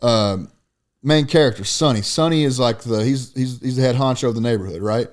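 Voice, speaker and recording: A young man co-hosting a podcast, chatting about sports in a loose, profane, animated way and telling stories. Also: mid-range voice, brisk. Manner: profane, animated storytelling, often says "dude". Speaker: podcast co-host. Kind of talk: casual sports chat.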